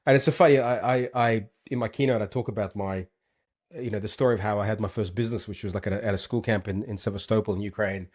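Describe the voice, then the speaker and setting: Fast-talking man. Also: fairly low pitch, fairly even intonation, darkish tone. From Moldova. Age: 40s. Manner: rambling, many fillers and restarts. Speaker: guest entrepreneur. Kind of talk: casual interview chat.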